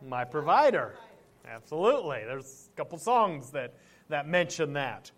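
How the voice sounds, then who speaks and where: A middle-aged man preaching a sermon as pastor, talking to the congregation in a conversational way and slowing down to read scripture aloud. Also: fairly high pitch, very animated.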